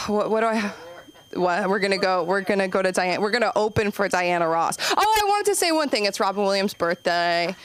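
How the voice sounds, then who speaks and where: A woman's voice: mid-range voice, animated, fairly quick, fairly bright tone. A woman doing a stand-up comedy set on a club stage, chatty and self-deprecating, with lots of "like". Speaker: stand-up comic and show host.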